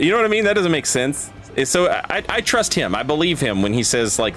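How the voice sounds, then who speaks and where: A man's voice: medium pitch, expressive, quick pace, hardly any pauses, fairly bright tone, soft background music. A man streaming a game and chatting casually, rambling and stammering, swearing, reading chat aloud.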